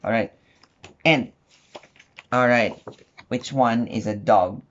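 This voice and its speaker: A man's voice: medium pitch, slow. A man at home patiently coaxing his toddler, repeating simple questions in a casual home video. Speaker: father teaching his toddler. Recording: muffled home recording with faint hiss.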